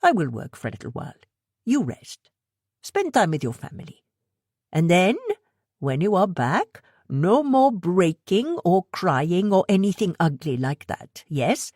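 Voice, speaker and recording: A woman voicing a tall male shopkeeper with a heavy accent who talks in quick, clipped bursts. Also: fairly low pitch, very animated, a little mellow, husky, no echo, studio quality, heavily acted. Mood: brisk. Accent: heavy foreign accent, put on.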